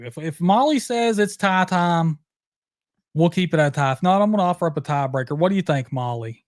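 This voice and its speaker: Lively animated man hosting trivia. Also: sits high, moderate pace, no echo, studio quality. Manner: animated, playful, teasing, with bursts of excited shouting. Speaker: livestream host. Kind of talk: casual live trivia chat.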